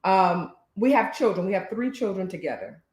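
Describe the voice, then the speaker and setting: A woman's voice: medium pitch, expressive, normal speed, darkish tone, reverberant. A woman working as a therapist, co-hosting a casual couple's talk with her husband. She speaks earnestly and emphatically and stumbles a little as she picks her words. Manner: stutters a little, choosing words carefully. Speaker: therapist and social worker, co-host.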